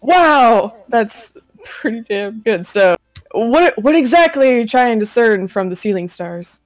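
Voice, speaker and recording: A woman's voice: fairly high pitch, expressive, measured pace, no echo, soft background music. A woman narrating a tabletop pirate game as game master, describing scenes vividly.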